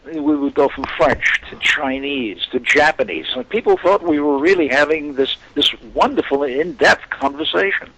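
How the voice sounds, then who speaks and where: Older actor guest, gravelly voice, animated storyteller who does the voices. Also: male voice, fairly high pitch, moderate pace, few pauses, low-quality recording. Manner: animated anecdotes, acts out quoted voices. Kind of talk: storytelling interview chat.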